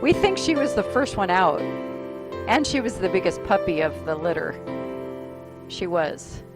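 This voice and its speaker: A woman's voice: lowish voice, big pitch swings, a little slow. Chatty woman leading a stretch class. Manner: chatty, encouraging, laughs often. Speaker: fitness instructor. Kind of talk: gentle exercise class instruction mixed with casual chat. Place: dining room used for a group exercise class. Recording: clear music playing behind.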